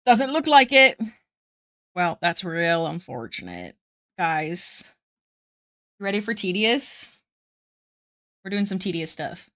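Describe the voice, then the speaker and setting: A young woman chatting casually with her viewers while she draws, bubbly and talkative, reading chat aloud and thinking out loud. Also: lowish voice, sing-song, slow, pauses often. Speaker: art streamer. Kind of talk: casual live-stream chat while drawing.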